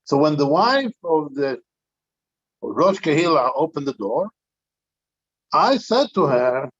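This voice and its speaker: Older rabbi guy spinning a long anecdote, slightly high voice, kinda muffled lo-fi sound. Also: big pitch swings, takes it slowly, long pauses, fairly bright tone, slightly rough. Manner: anecdotal, with frequent restarts. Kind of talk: storytelling talk to a community gathering.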